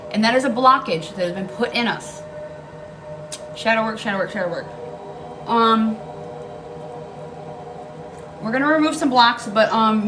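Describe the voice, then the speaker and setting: A fairly high-pitched woman gives a casual, blunt, emphatic tarot reading on poor audio. She swears freely and repeats key lines for emphasis.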